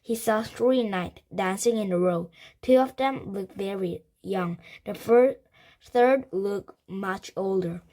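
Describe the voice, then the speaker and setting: A woman reading a children's chapter book aloud, slowly and carefully, with slips she corrects. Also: medium pitch, warm tone.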